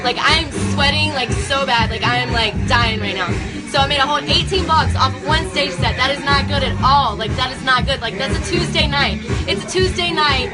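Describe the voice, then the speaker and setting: A woman exotic dancer livestreaming from a club on her phone, chatty and profane and out of breath. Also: high-pitched. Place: nightclub, indoors. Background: loud club music.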